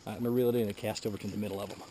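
A man's voice: lowish voice, rapid-fire. A man teaching a fishing method on a boat outdoors, talking casually through a camera mic while he fishes, with frequent laughs. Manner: relaxed, chatty, laughs often, talks while fishing. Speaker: fishing instructor. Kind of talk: casual how-to demonstration. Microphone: camera mic, he moves around it. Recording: outdoor camera audio with noise.

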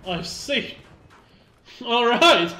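A man streaming a shooter game, laughing, swearing and shouting excitedly at teammates. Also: very high-pitched, drawn-out words, echoey room, slight background noise. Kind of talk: casual gameplay chat.

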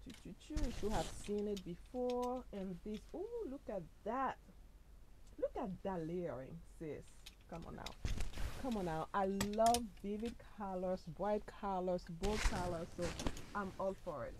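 An upbeat woman chats through a fashion try-on, calling her viewers "sis" and dropping plenty of fillers. She talks louder than her soft natural voice at a middle pitch. A faint hiss sits under the sound of the camera mic. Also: expressive, measured pace. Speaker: fashion vlogger. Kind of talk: casual try-on vlog. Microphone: camera mic, no lapel.

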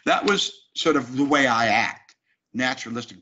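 A man's voice: medium pitch, animated, moderate pace, sharp tone. A man, an actor, talking emphatically and animatedly as an interview guest. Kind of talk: casual interview talk. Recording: dull lo-fi sound.

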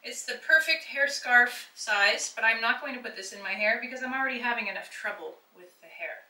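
A woman's voice: fairly high pitch, fairly quick, sharp tone, low-quality recording. A middle-aged woman hosting a casual try-on vlog, chatting enthusiastically as she explains and shows things to the viewer. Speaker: fashion vlogger.

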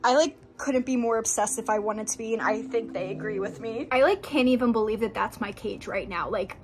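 A young woman pet vlogger chatting casually, bubbly and giggly, gushing with excitement. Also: a little high, fairly quick, slight background noise. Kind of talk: casual vlog.

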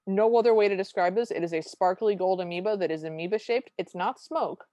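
A woman's voice: medium pitch, mellow, no echo. A woman co-hosting a podcast, recapping a film in casual chat with wry exasperation. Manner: wry, exasperated, recounts scenes with quick impressions. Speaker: podcast co-host.

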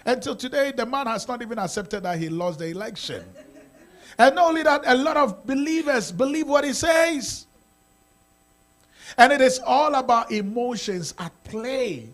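A man with a Ghanaian accent preaching a sermon as pastor, swinging from quiet talk to shouting. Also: high-pitched.

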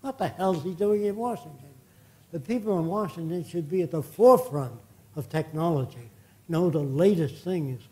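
An older man delivering a lecture in a blunt, indignant manner, peppering his points with profane asides. His voice sits a little high for a man, with a dark, mellow tone. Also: expressive, normal speed. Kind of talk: public lecture with audience Q&A.

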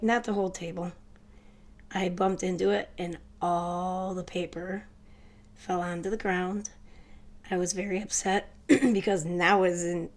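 Gravelly, stuffy-voiced woman vlogger. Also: fairly low pitch, darkish tone. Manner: chatty, hurried, addresses viewers directly. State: stuffy from a cold. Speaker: crafting vlogger. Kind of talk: casual haul video chat.

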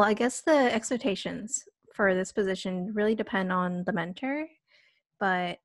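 A woman's voice: medium pitch, dry recording, clean studio sound. A young woman hosting a podcast, talking hesitantly with many fillers and self-corrections. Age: young adult. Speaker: podcast host. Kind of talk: casual podcast chat.

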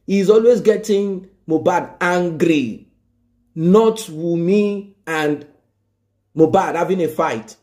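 A man's voice: high voice, expressive, slow, darkish tone. A man giving emphatic news commentary, stressing points by repeating them and asking rhetorical questions.

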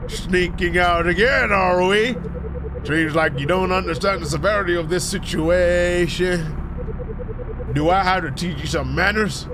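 A man voicing a sly male captor in a horror game, drawing out his words in a slow, mocking taunt. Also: high-pitched, noisy background.

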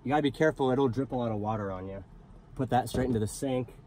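Young male vlogger, mid-pitched, upbeat and talkative, recorded in a van with light background noise. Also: fast talker, a little mellow. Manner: chatty, enthusiastic, talks to viewers directly. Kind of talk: casual cooking vlog. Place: camper van at a campsite.

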